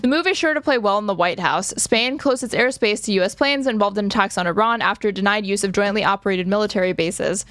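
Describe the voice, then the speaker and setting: A woman's voice: mid-range voice, a bit bright, no room sound. A woman hosting a casual reaction stream, talking sarcastically and swearing, with plenty of fillers. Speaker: streamer host.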